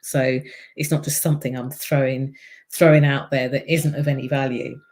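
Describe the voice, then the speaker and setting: A woman with a low, deep voice and a slight frog in her throat, chatting on a live stream as a speaking coach and explaining things step by step. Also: little pitch movement, normal speed, a little mellow. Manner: chatty and explanatory, demonstrates voice tones. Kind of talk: casual live-stream talk to camera.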